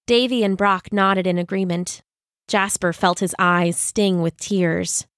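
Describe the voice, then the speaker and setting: A woman narrating a children's story in a gentle, expressive way. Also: fairly low pitch, a little slow, no room sound, clean studio sound.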